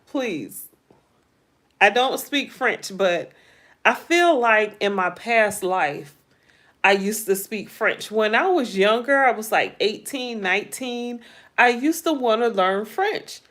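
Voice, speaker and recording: A middle-aged woman hosting a casual livestream, chatting with viewers, asking them lots of questions in a playful, drawn-out way. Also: medium pitch, animated, fairly bright tone. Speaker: livestream host. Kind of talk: casual livestream chat reading viewer comments.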